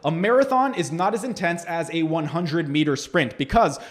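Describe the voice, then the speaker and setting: A man with a fairly high voice reviews workout footage as a health coach. He lectures point by point and turns sarcastic about the claims he is picking apart. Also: moderate pace. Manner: sarcastic, lecturing, explaining definitions. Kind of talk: critical video review commentary.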